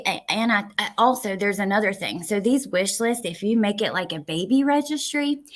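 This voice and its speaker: A woman chats live on her stream, mid-pitched for her sex, answering viewers one name at a time. She swings from fired-up, profane ranting to soft, warm thanks. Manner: heated and profane, then warm and thankful to chatters. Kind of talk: casual live-stream chat, reading viewer comments.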